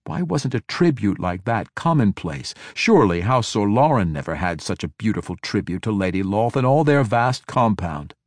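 Male audiobook narrator, low register, measured and dramatic, dry booth. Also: expressive, dry recording. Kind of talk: scripted fantasy narration.

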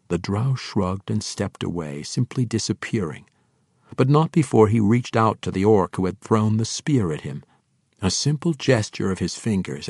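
Male audiobook narrator, very deep voice, steady fantasy read, dry close sound. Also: breathy edge, no echo.

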